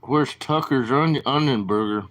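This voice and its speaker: A man's voice: mid-range voice, moderate pace, a bit bright. A man with a southern drawl, rambling casually to viewers on his late-night livestream. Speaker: livestream host.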